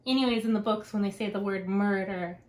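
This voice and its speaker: A woman's voice: medium pitch, moderate pace. Chatty woman hosting a craft podcast. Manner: chatty, laughs often, wanders onto tangents. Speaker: podcast host. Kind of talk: casual chat.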